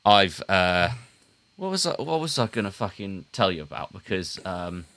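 A man with a posh English accent, a podcast co-host, feeling woozy and telling a rambling, halting story with frequent laughs. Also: low voice, big pitch swings, a bit bright. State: woozy after a blood test. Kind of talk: casual chat.

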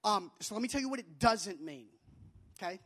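A man's voice: expressive, normal speed, fairly bright tone, breathy edge. Young male youth pastor, emphatic preaching, repeats lines for weight. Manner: emphatic, repeats phrases, acts out quotes in a high childlike voice. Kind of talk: sermon to students.

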